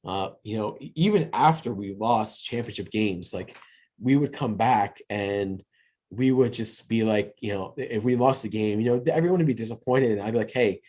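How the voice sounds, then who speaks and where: A man hosting a casual podcast review, speaking in a lowish, warm, mellow voice. He rambles through scenes loosely and keeps restarting his sentences. His tone stays earnest and a little sentimental. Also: normal speed. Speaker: podcast host. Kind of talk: casual solo movie review.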